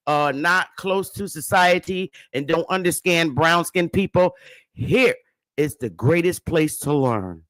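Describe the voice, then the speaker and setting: A woman from Connecticut hosting her own livestream, ranting bluntly and with plenty of profanity, swinging between loud, animated bursts and quieter, lower stretches. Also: dry recording. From Bridgeport, Connecticut. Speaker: livestream host. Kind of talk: casual livestream rant to her audience.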